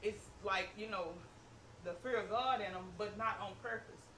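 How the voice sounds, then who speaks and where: A woman's voice: medium pitch, normal speed, bright, forceful tone. A woman chatting on a podcast as a mother, speaking emphatically and repeating her points. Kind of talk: casual chat. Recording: roomy, distant mic, noisy.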